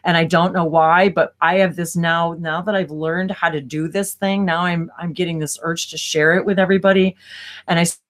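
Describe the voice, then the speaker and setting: A woman co-hosting a live spiritual stream, talking casually over a video call, rambling and cutting herself off with quick laughs. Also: on the low side, fairly even intonation.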